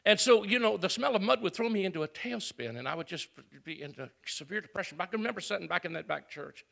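Male pastor preaching, middle-aged, high and gravelly voice, emotional and confessional. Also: lively intonation, fast talker, fairly bright tone. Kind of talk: sermon.

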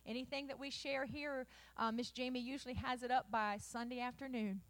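A woman pastor with a high voice delivers a sermon like she's telling stories to friends. She keeps it loose and homey with plenty of fillers, then builds to emphatic, punchy peaks. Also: steady tone, fairly quick, a bit bright. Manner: folksy storytelling preacher, many fillers, building to emphatic peaks.

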